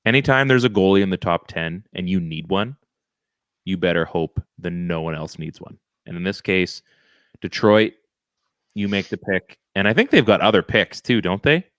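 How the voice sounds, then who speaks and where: A man co-hosting a podcast, chatting casually about hockey picks with relaxed joking asides. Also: low-pitched, moderate pace, no echo, clean studio sound. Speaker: podcast co-host. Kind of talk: casual hockey draft chat.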